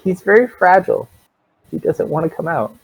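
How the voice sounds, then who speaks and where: A man's voice: fairly high pitch, sing-song, normal speed, gravelly, husky, phone-quality sound. A young man running a tabletop game as dungeon master, joking with his players.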